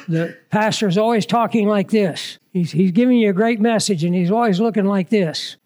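A man's voice: high-pitched, darkish tone. A man preaching a sermon in a conversational manner, mixing scripture reading with humorous asides.

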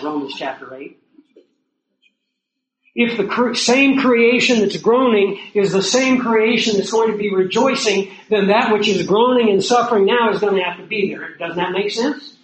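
Here the preacher speaks at a normal pace in a high voice, talking to his audience conversationally and asking them rhetorical questions. The setting sounds like the outdoors or a lodge by hills and prairie, with roomy echo and slight background noise.

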